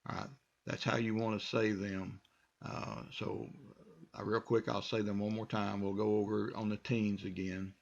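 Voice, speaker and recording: Low gravelly American teacher drilling numbers. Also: male voice, moderate pace, dull audio. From United States. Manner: relaxed, repetitive drilling with fillers. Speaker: English teacher. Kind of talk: pronunciation lesson.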